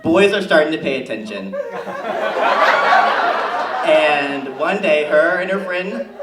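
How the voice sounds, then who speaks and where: A man's voice: a little high, lively intonation, takes it slowly. A man voicing a brash, gossipy middle-aged suburban mom in a stand-up bit, chatty and rambling, recorded in an echoey room with a far-off mic and noise. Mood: brassy gossip. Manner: chatty, rambling, loud and oblivious.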